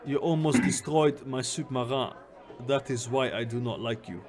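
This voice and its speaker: A man's voice: medium pitch, darkish tone, a faint crowd, lightly acted. A man putting on a pompous Jamaican-style runner boss. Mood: haughty. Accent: put-on Jamaican-style. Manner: self-important, halting. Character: pompous veteran male shadowrunner boss.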